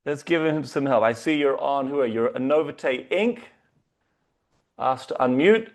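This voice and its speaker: A man hosting a company video call, hyping the guest with excitable introductions. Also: medium pitch, normal speed, gravelly. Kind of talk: enthusiastic online meeting hosting.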